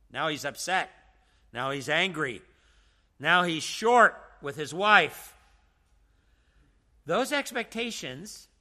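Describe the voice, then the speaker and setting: A man's voice: high voice, sharp tone. A man teaching a church seminar in a preaching style, emphatic and full of rhetorical questions.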